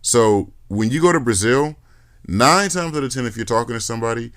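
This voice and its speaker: A man hosting a podcast in casual conversation, talking in a loose, slangy, profane way with excited jumps in pitch. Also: fairly quick. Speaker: podcast host.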